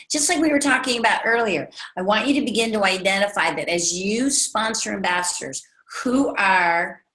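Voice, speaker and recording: A woman's voice: medium pitch, sharp tone. A woman giving a leadership coaching lesson to a group, emphatic and repeating key phrases while asking them questions. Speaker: network marketing leadership trainer. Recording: echoey room.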